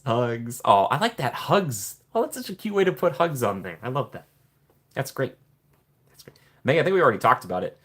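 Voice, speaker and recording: Casual male streamer reading chat, friendly, talkative, average pitch. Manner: friendly, chatty, addresses viewers by name; playful put-on excited voices when joking. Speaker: livestream host reading chat.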